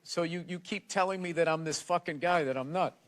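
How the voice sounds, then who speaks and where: A man from the United States, a guest comedian in a casual interview, ranting in a blunt, profane, animated way. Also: on the high side, a little fast, slight background noise.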